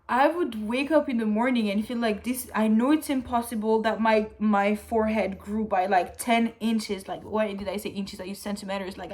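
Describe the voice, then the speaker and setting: A woman chatting casually to her channel in a rambling, candid way, full of "like" fillers and swearing, at times getting emotional. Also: mid-range voice. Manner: swears freely; emotional, gets teary. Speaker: vlogger. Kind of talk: casual chat.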